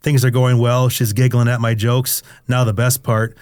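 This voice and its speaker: A man's voice: medium pitch, level tone, normal speed, darkish tone, clean tone, no echo. A middle-aged man reading his own memoir aloud in the first person, candid and crude in a confessional tone.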